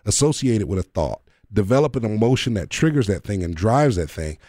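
A man hosting a faith-based talk show, explaining ideas with examples and pressing his guest to slow down and repeat key points. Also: lowish voice, sing-song, warm tone, no echo, studio quality. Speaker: podcast host.

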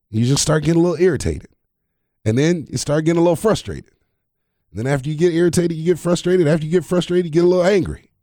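A man's voice: a little high, warm tone, dry recording, studio quality. A man hosting a casual faith podcast, preaching in repeated phrases and chuckling at his own jokes.

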